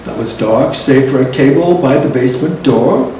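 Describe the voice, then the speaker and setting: An older man with a Liverpool accent telling a reminiscence in a slow, reflective way, laughing between lines. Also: medium pitch, dark tone. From England. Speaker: storyteller. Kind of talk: storytelling reminiscence. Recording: roomy and distant with faint noise.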